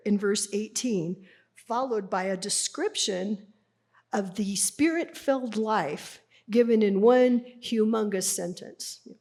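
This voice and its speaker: Slow-speaking woman giving a lecture. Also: mid-range voice, darkish tone. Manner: conversational, asks the audience rhetorical questions; explanatory, teacherly. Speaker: speaker presenting a Bible translation. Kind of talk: live lecture to an audience.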